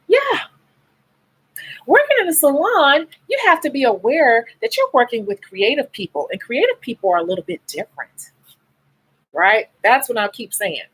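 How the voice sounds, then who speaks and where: A woman's voice: fairly high pitch, sing-song, moderate pace, fairly bright tone, husky, rough recording. A tired, sleep-deprived woman who works as a nail technician talks bluntly and emotionally to her viewers in a candid livestream chat. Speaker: nail technician and beauty YouTuber.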